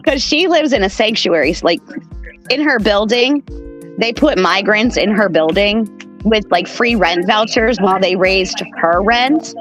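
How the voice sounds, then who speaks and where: A woman's voice: medium pitch, a little slow, a bit bright, soft background music. A woman chatting as a podcast guest, rambling through stories full of "like" and swearing. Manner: rambling, profane storytelling with many "like"s. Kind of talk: casual chat.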